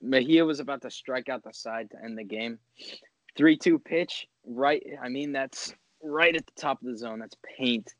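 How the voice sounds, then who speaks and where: Male co-host, casual sports banter, animated and teasing, dry close mic. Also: mid-range voice, moderate pace, dry recording, poor audio. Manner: animated, joking, talks over others. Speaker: podcast co-host.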